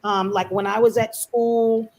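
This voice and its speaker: A woman's voice: fairly high pitch, flat delivery, a little slow, low-quality recording. A woman born in the United States to a Belizean family, chatting as a panelist and telling stories with many fillers. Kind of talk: casual panel discussion.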